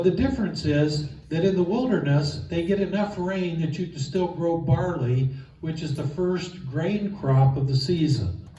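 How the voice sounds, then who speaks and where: A man's voice: on the high side, mellow, slight background noise. A man teaching a Bible geography class in an enthusiastic, conversational way, with fillers, recorded from a distance in an echoey room. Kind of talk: informal class lecture. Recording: echoey room, distant mic, dull sound.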